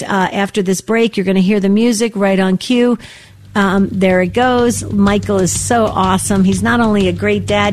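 A woman's voice: medium pitch, gravelly, darkish tone, dry recording, clean studio sound. Earnest woman in her sixties hosting radio. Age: 60s. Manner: earnest, rambling storyteller. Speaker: call-in radio show host. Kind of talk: call-in radio talk.

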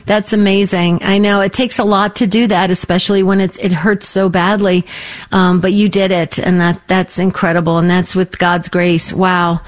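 A woman's voice: lowish voice, little pitch movement, normal speed. A woman hosting a faith-based radio call-in show, affirming and encouraging her callers.

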